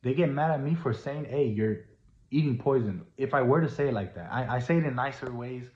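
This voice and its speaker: Man vlogger, preachy and earnest, mid-pitched, roomy dull lo-fi recording. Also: quick pace. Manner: preachy, earnest, repetitive, rising to emphatic. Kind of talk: casual monologue.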